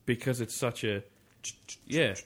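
Guy ribbing his mate on a game podcast, skeptical questions, normal pitch. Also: unhurried. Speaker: podcast co-host. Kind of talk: casual chat about video games.

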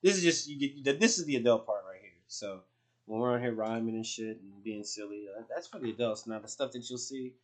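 A man's voice: mid-range voice, a little fast. A middle-aged man hosting a spiritual podcast in loose, rambling casual chat, swearing freely. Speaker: podcast host.

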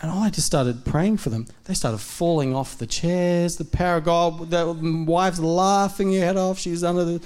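A man's voice: a little high, moderate pace, few pauses, smooth. A man preaching as a guest speaker at a church service, telling a personal story and acting out the dialogue. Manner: animated, acts out quoted dialogue. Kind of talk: live sermon storytelling.

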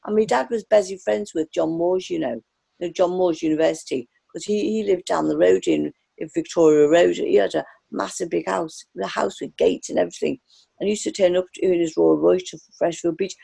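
A woman's voice: fairly low pitch, a little fast, gravelly, warm tone, husky, rough recording. A woman from the area, an artist reminiscing in a rambling interview full of restarts. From Liverpool area, England. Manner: rambling, many fillers and restarts. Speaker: artist guest.

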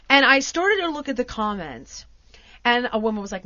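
American woman host, high and bright, very expressive storyteller; dry, slightly muffled recording. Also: normal speed, no room sound. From United States. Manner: animated, acts out quotes with big pitch swings. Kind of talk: casual storytelling chat.

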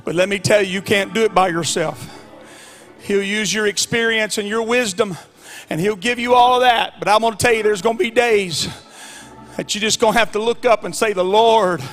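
A man preaching a sermon as pastor, swinging between soft lines and fervent shouts, drawing key words out. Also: high-pitched. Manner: stretches key words out slowly. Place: church sanctuary.

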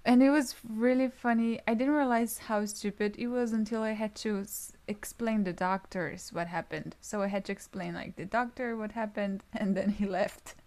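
Woman, mid-pitched voice, upbeat storytelling, laughs while talking, casual chat. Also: moderate pace, hardly any pauses, a little mellow. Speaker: music student.

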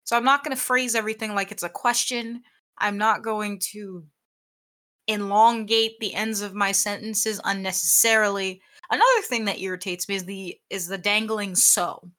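A young woman in casual chat, talking about streaming with clear diction and animated, exasperated rants. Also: mid-range voice, normal speed. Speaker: aspiring streamer.

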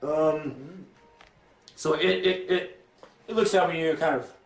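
A young man narrating as game master, casual and halting, with many restarts and fillers. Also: a little high. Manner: hesitant, full of restarts and fillers. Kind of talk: narrating a tabletop game among friends. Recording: echoey room, mic from a distance, faint music.

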